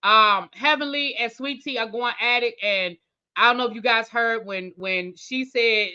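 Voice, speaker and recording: Bright-voiced woman reviewing a show. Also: on the high side, moderate pace, clear, resonant tone, highs cut off. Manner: chatty, emphatic repetition, Southern slang like y'all and baby. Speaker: TV review channel host. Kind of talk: casual recap commentary.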